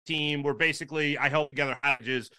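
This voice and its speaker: A man's voice: fast talker, smooth, no echo, clean studio sound. A middle-aged man from Philadelphia, a sports broadcaster, telling a story in casual chat and acting out the quotes of the people in it. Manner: animated storyteller, acts out quotes with big pitch jumps. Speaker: podcast guest, sports broadcaster.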